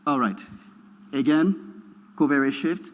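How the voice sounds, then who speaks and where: Man lecturing in a reverberant hall. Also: a little high. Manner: explains slowly, repeats points, frequent uh and right?. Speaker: keynote speaker. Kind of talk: academic lecture.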